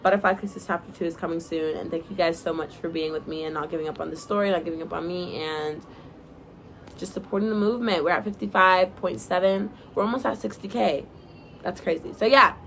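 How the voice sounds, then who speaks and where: A woman's voice: fairly low pitch, fairly quick, a bit bright, slight background noise, low-quality recording. A young woman casually reading her own story aloud to viewers, breaking off into giggly, chatty asides.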